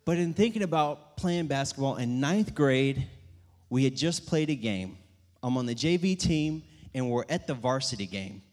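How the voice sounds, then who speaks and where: Animated man telling stories in a hall. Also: mid-range voice, normal speed. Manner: animated, self-mocking storyteller acting out quotes. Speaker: church speaker. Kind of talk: storytelling talk to a live audience. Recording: long hall reverb.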